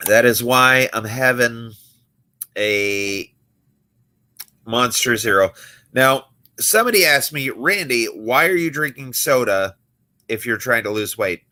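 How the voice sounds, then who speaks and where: A young magician hosts a late-night livestream, chatting and storytelling in a mid-range voice that's animated yet slow, with frequent pauses. His tone is bright and forceful, and he acts out the people he quotes.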